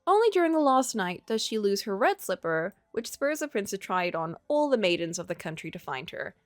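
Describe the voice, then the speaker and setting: Here a woman speaks briskly at a medium pitch, with no echo on the recording. She's streaming a game live, reading its text out loud and chatting casually. Her manner is lively and chatty, full of laughs and startled gasps.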